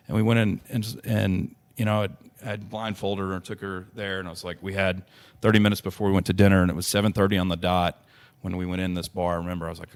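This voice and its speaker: A man's voice: low voice, fairly even intonation, fast. A man telling a personal story as a podcast guest, earnest and rambling, full of restarts and "you know".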